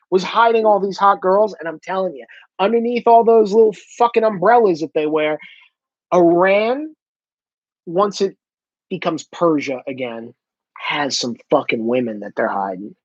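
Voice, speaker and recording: A man's voice: sits high, no room sound, lo-fi sound. A man vlogging in a casual monologue, ranting with lots of swearing. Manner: profane, animated ranting.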